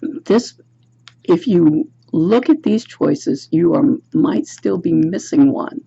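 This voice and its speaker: A woman's voice: fairly low pitch, lively intonation, slow pace, creaky, dark tone, slightly rough, lo-fi sound. A woman giving a tarot card reading to camera, musing aloud and asking the viewer reflective questions. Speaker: tarot reader. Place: home room, self-recorded video. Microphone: camera's built-in mic.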